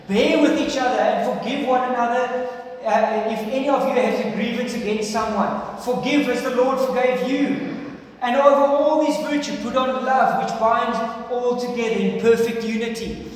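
A South African pastor preaches with a strikingly high voice, hammering words through repetition, then sinking into hushed appeals. His voice rings through a big church hall from a far microphone. A faint hum sits under it all. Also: normal speed. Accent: South African English. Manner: preaching with emphatic repetition and sudden quiet pleas. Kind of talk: sermon. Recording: echoey hall, distant mic, faint noise.

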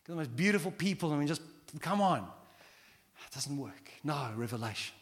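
A middle-aged man preaching a sermon as pastor, animated and acting out quoted prayers. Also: a little high, a little fast. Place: large church hall. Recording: long hall reverb.

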